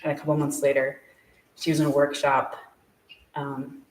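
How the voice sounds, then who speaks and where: With a completely flat delivery at a moderate pace, a guest uses a mid-range voice to share a personal story at a live event in a small shop. It's chatty and filler-heavy, with "like" recurring and plenty of laughter. The room echoes and the speaker is recorded from a distance.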